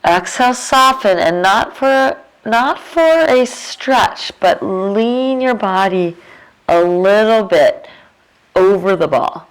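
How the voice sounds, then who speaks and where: A woman teaching a restorative yoga class, giving calm, unhurried cues with casual fillers. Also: mid-range voice. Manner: slow, calm cueing with fillers. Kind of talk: guided yoga instruction.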